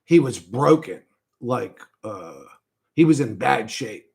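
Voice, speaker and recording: Man, casual rambling monologue, loose and halting, swears a lot, keeps trailing off and restarting. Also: mid-range voice, lively intonation, vocal fry, a little mellow. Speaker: streamer recounting a vision.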